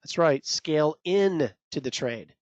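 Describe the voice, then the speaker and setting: A man's voice: a little high, lively intonation, measured pace, darkish tone, no room sound, lo-fi sound. A man coaching traders in a live webinar, talking straight to viewers in a salesy, pumped-up way. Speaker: trading coach presenting a webinar. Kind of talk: energetic live webinar teaching.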